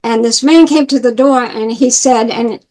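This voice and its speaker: A woman's voice: fairly high pitch, normal speed, poor audio. A woman in her eighties from New York, telling her life story and acting out the voices of people she quotes. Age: 80s. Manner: animated, acts out quoted dialogue. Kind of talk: personal storytelling.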